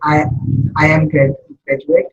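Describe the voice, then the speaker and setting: A man's voice: on the high side, level tone, a little slow, highs cut off. A young man practising self-introduction sentences, hesitant and repeating lines to get them right. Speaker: English learner.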